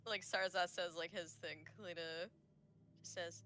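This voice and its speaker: A woman's voice: lowish voice, steady tone, measured pace, pushed and bright. A woman player in a tabletop game, speaking casually with many fillers.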